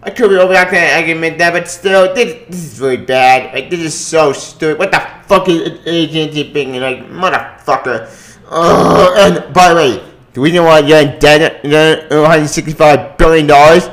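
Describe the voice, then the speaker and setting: A gaming vlogger delivers an angry, profane solo rant. He stumbles, repeats himself and keeps circling back to his complaint. His voice sits slightly high and rings in an echoey room. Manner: profane, agitated, repetitive, halting.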